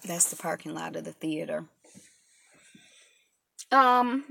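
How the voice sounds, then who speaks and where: A woman's voice: low voice, lively intonation, takes it slowly, vocal fry, bright, forceful tone, husky. A woman chatting casually to viewers while eating on a live stream, rambling with lots of fillers and answering comments as they come in. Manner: loose, rambling talk full of fillers. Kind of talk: casual mukbang live chat. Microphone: phone camera.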